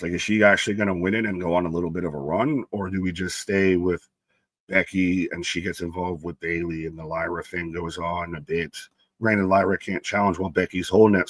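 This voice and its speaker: Young guy co-hosting a wrestling stream, low voice, dry close mic, easygoing chat with the viewers. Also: no room sound. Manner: relaxed and chatty, greets chatters by name. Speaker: co-host of a live wrestling watch-along stream. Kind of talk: casual live-stream chat, reading viewer comments.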